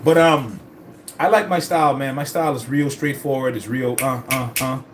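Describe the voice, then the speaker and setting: A man with a medium-pitched voice vlogs about his fitness journey at a normal speed, with slight noise in the background. He rambles casually and swears a lot, telling his story in an animated way.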